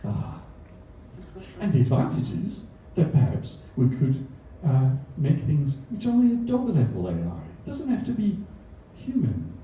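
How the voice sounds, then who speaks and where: A man's voice: a little high, huge pitch swings, a little slow, dark tone, a little hiss or hum. A man giving a comedy science talk on stage, with dry, self-deprecating humor and chuckles at his own jokes. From Australia. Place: comedy venue stage before a live audience. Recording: echoey hall, mic from a distance.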